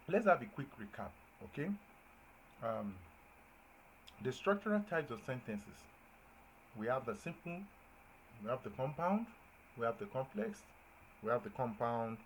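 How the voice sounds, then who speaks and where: A man giving a grammar lesson at a medium pitch, stressing his examples with lively emphasis and checking that his listeners follow. A faint hiss of noise sits behind his voice. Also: low-quality recording. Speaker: teacher. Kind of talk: classroom-style grammar lesson.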